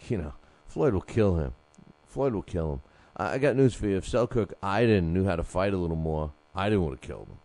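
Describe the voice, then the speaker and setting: A man's voice: deep voice, animated, a little fast, warm tone, no echo. A man hosting a boxing show alone, chatting casually, reading listener emails and rambling with many fillers and restarts. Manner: reads listener emails aloud. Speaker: boxing podcast host. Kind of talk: casual solo commentary.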